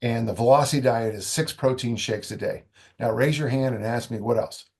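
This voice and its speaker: A man's voice: medium pitch, brisk, darkish tone, breathy edge. A man, a strength coach guest, talking in a loose, rambling way with dry humor. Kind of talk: conversational interview.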